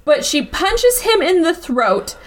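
A woman's voice: very high-pitched, slow pace, slight background noise. A young woman hosting a casual comedic podcast, recapping a bad movie with sarcasm and plenty of swearing. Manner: animated, sarcastic, swears freely, acts out characters.

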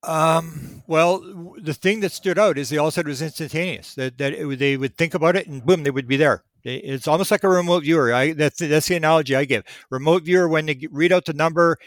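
A man's voice: a little high, a little fast, hardly any pauses, no echo. A man talking as a podcast guest, explaining in a casual, rambling way with many restarts and repeated words.

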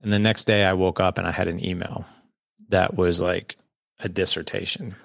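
A deep-voiced man tells a personal story in a candid, conversational way. His voice has a gravelly, fry-heavy texture, and the sound is dry and close. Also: little pitch movement, normal speed, a bit bright, dry recording. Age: 40s. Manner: candid, conversational, quotes people in dialogue. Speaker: guest. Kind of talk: personal storytelling in a podcast interview.

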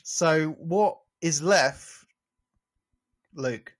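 High-voiced playful male co-host. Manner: playful, jokey, drawn-out punchlines. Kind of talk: casual show banter.

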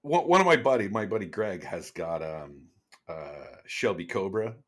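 A man co-hosting a podcast, telling stories in a relaxed, chatty way. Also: low-pitched, moderate pace. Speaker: podcast co-host. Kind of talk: casual chat.

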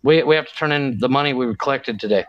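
A man's voice: medium pitch, fast, dull audio. A man co-hosting a podcast in casual chat, rambling with many restarts and searching for words. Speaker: podcast co-host.

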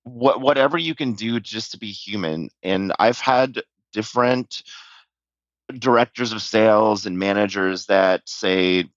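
A man's voice: lowish voice, measured pace, dry recording, dull audio. A man appearing as a podcast guest from sales, talking in an easygoing way with many fillers. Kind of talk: casual podcast chat.

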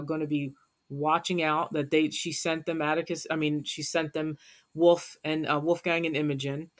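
A woman as a podcast guest, telling a personal story in an earnest, heartfelt way. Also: sits low.

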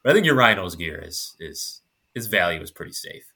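A man's voice: deep voice, sing-song, fairly quick, sharp tone, slightly rough. A man co-hosting a casual podcast, speaking with dry, mock-formal wit. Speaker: podcast co-host.

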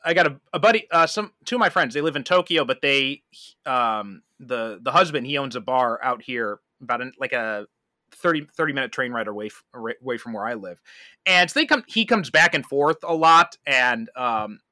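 A man who is a podcast guest, chatting casually as an animated storyteller who laughs often. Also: medium pitch, moderate pace, no echo. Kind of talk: casual chat.

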